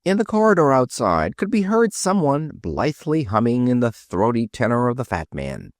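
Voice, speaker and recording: A man narrating an audiobook with expressive storytelling. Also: mid-range voice, moderate pace, dry recording, clean studio sound. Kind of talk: scripted narration.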